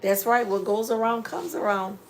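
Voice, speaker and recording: A middle-aged woman vlogger chatting casually on a live stream, reading viewer comments and giving preachy, animated life advice. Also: a little high, normal speed, creaky, a little hiss or hum. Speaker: home DIY vlogger.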